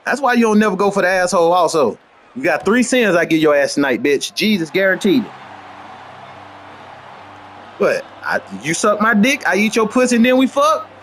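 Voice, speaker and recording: A man riffs over a football video game in boastful, profane trash talk. His voice sits high and swings widely between low mutters and sudden yelps. A faint hum of background noise sits under him. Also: very animated, moderate pace, fairly bright tone. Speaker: gamer streaming gameplay. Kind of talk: profane rambling commentary over gameplay.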